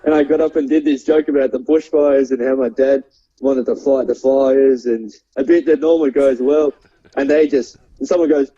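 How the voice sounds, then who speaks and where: A man's voice: medium pitch, fairly even intonation, normal speed, dark tone. A young Australian man, a stand-up comedian, telling rambling stories with lots of fillers and frequent laughter. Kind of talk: casual storytelling chat. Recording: dull lo-fi sound.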